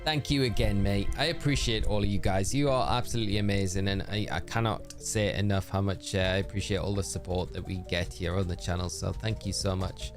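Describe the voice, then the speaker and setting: This is a man with a fairly low, worn-out voice, chatting easily to his live-stream audience. He sounds upbeat and friendly, with soft game music playing underneath. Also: steady tone, fairly quick, few pauses. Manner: chatty and upbeat, thanking viewers by name. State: tired voice. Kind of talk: casual live-stream chat while gaming.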